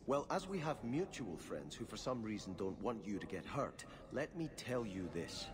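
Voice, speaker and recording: A stern templar officer in a fantasy game. His low voice rises and falls sharply as he warns, while a game score plays clearly behind. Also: sing-song, moderate pace, over music. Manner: grave, threatening. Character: stern templar officer warning a rebel mage.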